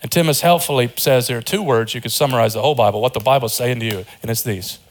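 Speaking fast, a man delivers an earnest sermon as pastor, climbing to high emphatic peaks and sinking low and quiet, with casual jokes tossed in along the way.

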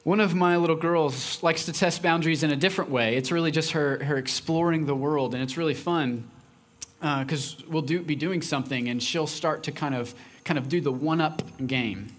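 A man's voice: fairly high pitch, moderate pace. A man preaching a sermon as pastor, talking conversationally and acting out lines from his young daughter.

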